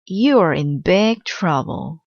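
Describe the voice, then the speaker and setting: A woman's voice: on the low side, lively intonation, extremely slow, darkish tone, heavily acted. A woman voicing a cheeky, teasing little girl in a storybook read-aloud. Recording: slightly dull dry recording.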